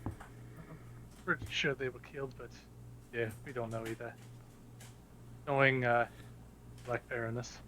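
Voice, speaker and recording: A man's voice: mid-range voice, steady tone, a little slow, long pauses, pushed and bright, slight background noise, rough recording. A man playing in a tabletop game, talking casually with energy. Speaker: player.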